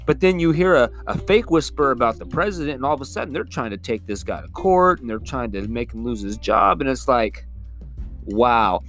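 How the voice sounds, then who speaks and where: A man's voice: medium pitch, sing-song, moderate pace, fairly bright tone. Cussing guy ranting on his podcast, fired up and all over the place, faint guitar music behind. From California. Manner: profane, heated and rambling. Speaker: podcast host. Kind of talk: casual political rant. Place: California.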